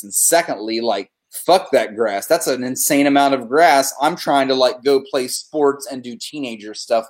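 A man hosting a casual podcast, telling a long profane story with animated energy. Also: mid-range voice. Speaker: podcast host.

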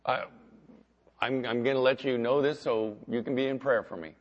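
A man preaching as pastor, talking conversationally and swinging between loud emphasis and quiet asides. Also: mid-range voice, fairly even intonation, normal speed, dull audio. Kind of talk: sermon.

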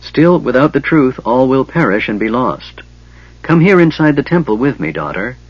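A man voicing the gentle spirit of a long-dead mother and priestess, speaking softly and solemnly, on a slightly dull recording. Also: medium pitch, very animated, moderate pace, breathy edge, dry recording, voice pushed up. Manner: soft, solemn.

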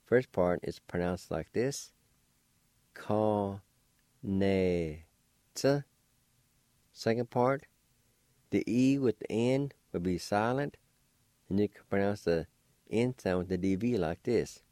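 A man hosting a radio language lesson, spelling out words syllable by syllable in a slow, deliberate way. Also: lowish voice, mellow, dry recording. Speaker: language teacher and radio host.

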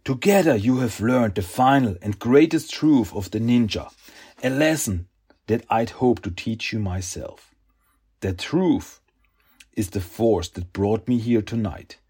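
A wise elderly rat sensei speaks as a spirit from a comic book, as a man reads him aloud, his words soft, lowered and unhurried. The tone is tender and fatherly. The delivery stays slow and gentle throughout. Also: breathy edge.

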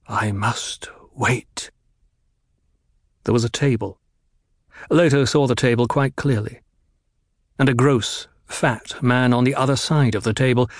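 Male audiobook narrator, mid pitch, measured, dry close recording. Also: dry recording.

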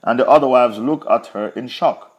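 A man's voice: medium pitch, normal speed, husky, highs cut off. Emphatic man telling a religious story. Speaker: Quran teacher.

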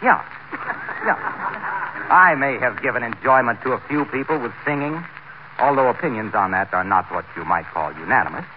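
A man acting as announcer in a radio comedy, working a cheerful, smooth sales pitch into the scene. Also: animated, moderate pace, close to an everyday voice. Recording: muffled old radio broadcast with hiss.

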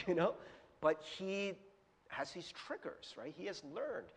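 A man's voice: high voice, big pitch swings, measured pace, husky, in a large hall. A man preaching a casual, chatty sermon as pastor, asking his small audience questions and laughing often. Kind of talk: conversational sermon. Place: church hall with a projector.

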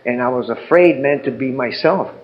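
A man's voice: medium pitch, moderate pace, dull audio. Older man sharing a heartfelt recovery story. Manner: heartfelt, rambling, peppers with "man" and "you know". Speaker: recovery speaker. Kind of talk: personal testimony talk.

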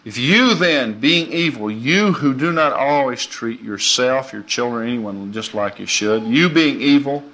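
A man preaching an informal, folksy sermon, animated and quick to laugh. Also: medium pitch.

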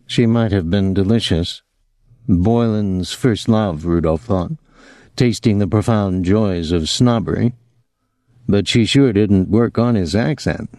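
A man narrating a novel in a measured, expressive storytelling manner. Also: on the low side, no room sound, studio quality. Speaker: audiobook narrator.

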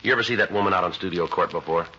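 In a 1950s radio crime drama heard on a lo-fi old broadcast, an actor voices a terse male police detective, speaking deep, racing, pushed and bright. He narrates and questions suspects in a clipped, matter-of-fact manner, the mood one of firm questioning.

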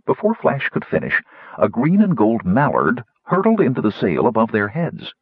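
A man narrates a storybook with a low, husky voice that swings widely in pitch. The recording is dry and a little dull, as if from a close mic in a small treated room. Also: normal speed, no echo. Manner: lively, voicing characters higher. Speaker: audiobook narrator.

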